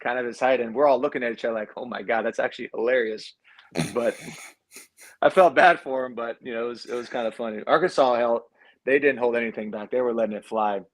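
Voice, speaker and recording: A man's voice: fairly even intonation, fast. A former quarterback in his thirties, telling loose, profane stories in a casual interview and mimicking people in a raised voice. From Cuban heritage. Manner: laid-back, swears freely, acts out quotes in a higher voice. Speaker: former college quarterback, guest.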